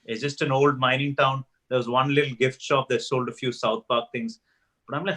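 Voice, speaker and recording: A man's voice: mid-range voice, fairly quick, low-quality recording. A man on a comedy talk show, rambling through an anecdote at an easy pace. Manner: relaxed, rambling with many uhs. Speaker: comedian guest. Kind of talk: casual chat.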